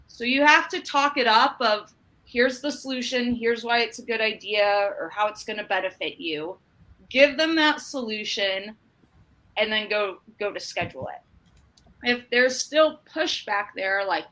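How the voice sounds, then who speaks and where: A woman from Utah, giving a business training talk and acting out an animated story with quoted dialogue. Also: on the high side, moderate pace, low-quality recording.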